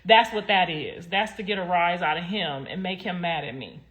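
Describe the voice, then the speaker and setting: A woman ranting on a casual livestream, blunt and heated, swearing freely and swinging between loud outbursts and low mutters. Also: normal speed.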